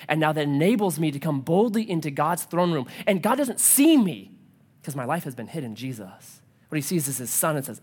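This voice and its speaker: A man's voice: a little high, brisk, husky. A man preaching a sermon, telling a personal story and acting out the dialogue. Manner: animated storytelling, acts out dialogue. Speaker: pastor.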